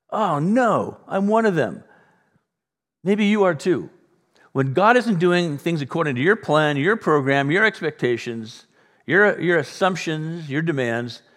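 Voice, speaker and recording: A man preaching a sermon as pastor, animated, playing out the voices of the people he talks about. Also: mid-range voice. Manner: animated, acts out voices of others. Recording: long reverb in a large room.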